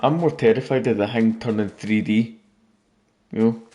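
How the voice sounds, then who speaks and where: A man's voice: on the low side, normal speed, warm tone. Man, gaming commentary, casual, jokey, rambling, late-night chat. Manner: rambling, jokey, talking to viewers. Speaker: gaming YouTuber.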